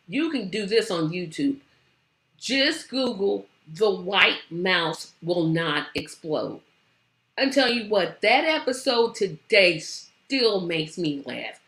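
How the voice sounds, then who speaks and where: A woman hosts her own talk stream in a relaxed, meandering way, trailing off into fillers as she goes. She talks slowly and sounds worn out. Her voice carries a noticeable room echo. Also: medium pitch. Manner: chatty, rambling with many fillers. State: tired. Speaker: show host. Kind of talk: casual livestream chat.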